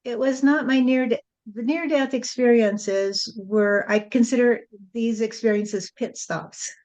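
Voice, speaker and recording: Reflective woman guest, measured speech. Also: fairly high pitch, fairly even intonation, a little mellow. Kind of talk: spiritual interview conversation.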